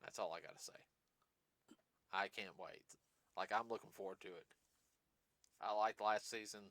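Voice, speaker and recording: A man's voice: on the low side, steady tone, fairly quick, fairly bright tone, no echo. A man hosting a casual podcast, rambling through his points with plenty of fillers and restarts. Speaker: podcast host.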